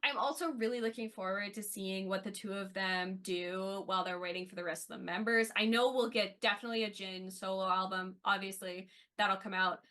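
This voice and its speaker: A woman co-hosting a fan podcast, chatting casually and gushing with excitement. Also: medium pitch. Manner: excitable, gushing, quick to laugh. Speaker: podcast co-host.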